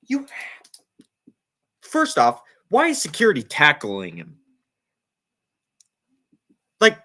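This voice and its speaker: Animated man hosting a sports chat. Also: high-pitched. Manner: animated, incredulous, emphatic. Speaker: podcast host.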